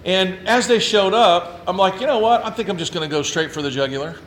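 A man's voice: sits high, a little fast, a little hiss or hum. Storytelling pastor, man, echoey room. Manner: lively, acts out his own quotes with humor. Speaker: Presbyterian pastor. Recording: echoey room with faint ambience.

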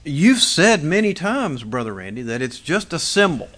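A man's voice: fairly high pitch, big pitch swings, normal speed, fairly bright tone. A middle-aged pastor preaching a conversational sermon, asking rhetorical questions and restarting phrases as he goes.

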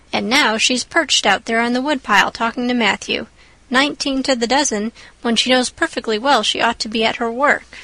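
A woman's voice: fairly high pitch, bright, forceful tone, no room sound. A woman voicing a stern older spinster who speaks in a brusque, scolding way. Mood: exasperated.

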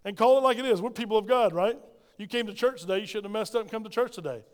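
A man's voice: sits high, fast. A man preaching a sermon as pastor, emphatic and questioning his congregation. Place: church. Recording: reverberant church hall.

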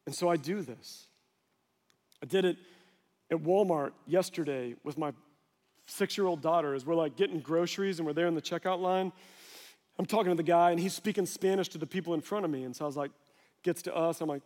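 High-voiced pastor in a reverberant hall. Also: male voice, fairly quick, darkish tone. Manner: storytelling, conversational, acts out dialogue. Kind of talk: sermon.

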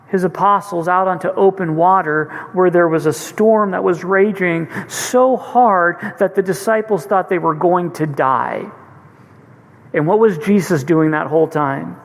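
A man preaching a sermon, earnestly retelling scripture with urgency. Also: high-pitched. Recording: long hall reverb.

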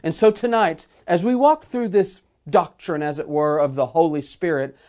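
A man preaching a sermon to an online audience in an earnest, measured way, slowing down to stress key phrases. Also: fairly high pitch, darkish tone. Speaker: pastor. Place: remote sermon streamed online.

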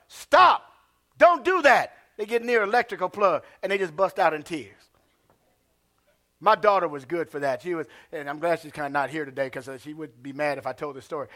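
A man preaching a sermon as pastor. He swings from hushed asides to shouted lines and calls out to the congregation. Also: sits high.

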